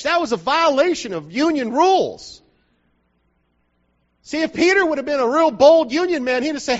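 High-voiced joking preacher. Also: male voice, lively intonation, moderate pace. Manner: conversational and joking, often checks the listeners are following. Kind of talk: sermon. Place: church hall. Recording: dull lo-fi recording.

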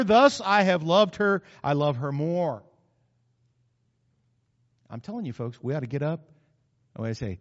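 A middle-aged man preaching a sermon as pastor, animated, acting out quotes with sudden loud bursts. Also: fairly high pitch, normal speed, long pauses. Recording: muffled recording in a reverberant hall.

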